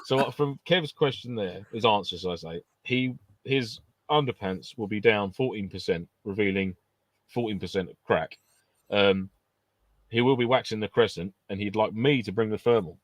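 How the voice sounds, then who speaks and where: A man co-hosting a podcast, chatting casually with swearing, laughter and lively storytelling. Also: fairly low pitch, moderate pace, no echo. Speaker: podcast co-host. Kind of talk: casual banter.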